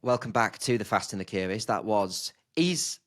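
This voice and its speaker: A man's voice: lowish voice, animated, moderate pace, a bit bright. A man with an East Midlands English accent hosting a podcast, chatty and self-deprecating, often stumbling over words. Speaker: podcast host. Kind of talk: casual podcast chat and ad read.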